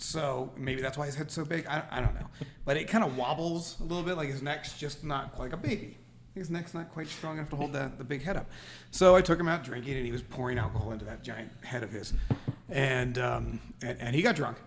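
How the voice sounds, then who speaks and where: Laughing through his story, an animated podcast co-host chats casually. His mid-range voice carries some vocal fry, and slight background noise is present.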